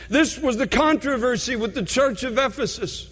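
A man preaching a sermon as a pastor, earnest and heartfelt, leaning on slow, emphatic repetitions. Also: very high-pitched, fairly bright tone, breathy edge. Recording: long hall reverb.

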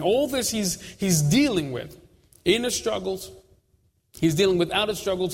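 A preaching man echoing in a hall. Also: sits high. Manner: steady, emphatic preaching with repeated phrases. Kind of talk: sermon. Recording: long hall reverb.

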